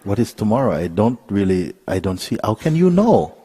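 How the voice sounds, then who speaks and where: A man speaking as a spiritual teacher to a live audience, telling a gentle story with frequent chuckles. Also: lowish voice, very animated, moderate pace, slight background noise. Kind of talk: relaxed satsang talk.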